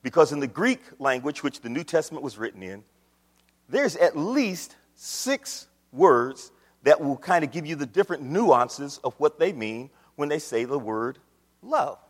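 A preacher with a fairly high, lively voice that jumps up on his questions and drops low when he explains. He talks in a folksy way into a stand microphone, and the church hall rings with a long echo behind him. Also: measured pace. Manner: animated preaching, pitch leaps on questions, folksy talk. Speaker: pastor. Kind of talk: sermon. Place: church sanctuary.

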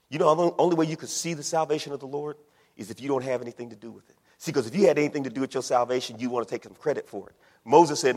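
A man preaching in a rhythmic, repetitive style, his voice climbing from low asides into ringing shouts. It sits a little high for a man and carries the long reverb of a large sanctuary. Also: brisk, slightly rough. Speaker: pastor. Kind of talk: sermon.

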